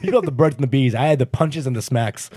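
A man's voice: mid-range voice, fast talker, dark tone, breathy edge, no echo. A man guest on a podcast, trading crude jokes in casual banter and laughing often. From Bengali family. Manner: crude joking, mock voices, laughs often.

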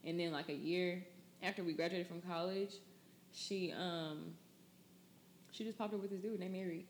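Chatty woman podcast host, lower voice. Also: steady tone, moderate pace, a little hiss or hum. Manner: loose, chatty, many fillers. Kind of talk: casual chat.

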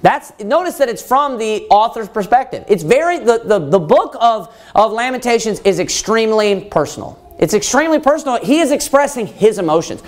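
Man preaching with very lively pitch. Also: brisk, few pauses. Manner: emphatic rhetorical questions, many fillers. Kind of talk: Bible teaching sermon.

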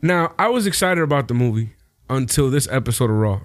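A man's voice: mid-range voice, animated, no room sound, clean studio sound. Profane young man in casual banter. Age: young adult. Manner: profane, joking, quick banter. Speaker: podcast co-host. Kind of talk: casual chat.

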